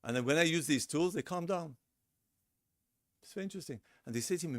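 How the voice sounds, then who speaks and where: A man's voice: on the high side, animated, quick pace, a bit bright, no echo, studio quality. A middle-aged man lecturing a seminar in a conversational way, acting out example lines and repeating his words. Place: lecture room.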